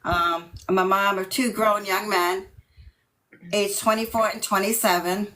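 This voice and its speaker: A middle-aged woman from Massachusetts, talking about herself in a video call interview, nervous and emotional, with many ums and pauses. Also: mid-range voice, steady tone, bright, forceful tone, low-quality recording. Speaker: team member.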